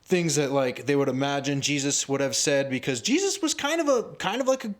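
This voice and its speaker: A man who does stand-up comedy, chatting casually on a podcast, rambling with lots of fillers and jumping into animated quoted voices. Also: fairly quick. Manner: rambling, filler-heavy, acts out quotes with rising pitch.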